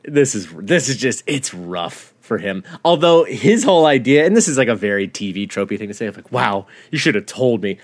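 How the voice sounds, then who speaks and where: A man co-hosting a podcast, talking in an animated, profane way and laughing often. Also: medium pitch, fairly quick, hardly any pauses. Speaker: podcast co-host. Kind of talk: casual chat.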